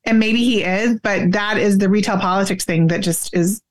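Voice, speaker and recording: Candid woman guest, mid-pitched voice. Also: normal speed. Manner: candid, blunt, conversational. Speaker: podcast guest. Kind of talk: casual political chat.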